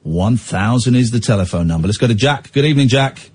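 Comic radio phone-in host, male, husky, lively and teasing. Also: medium pitch, fast. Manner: playful, teasing, jumps into mock voices.

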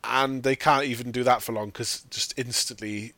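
A man's voice: mid-range voice, fairly even intonation, moderate pace, pushed and bright, dry recording. A man chatting casually about a film, swearing often and laughing as he mocks the characters. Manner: swears freely, mocks characters in put-on quotes, laughs while talking. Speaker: podcast host. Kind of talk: casual film review chat.

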